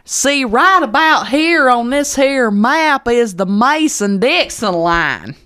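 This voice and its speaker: A woman putting on a slow, heavy Southern twang. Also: fairly high pitch, big pitch swings, voice pushed up, exaggerated voice. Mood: mock-folksy. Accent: exaggerated Southern US twang. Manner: slow, drawn-out and loud. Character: exaggerated twangy Southern hick woman, drawling.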